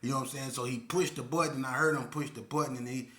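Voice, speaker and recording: Brief: middle-aged Las Vegas man, casual storyteller, bright edgy voice, echoey room. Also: medium pitch, fairly even intonation, fast talker. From Las Vegas, Nevada. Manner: loose, repeats "you know what I'm saying".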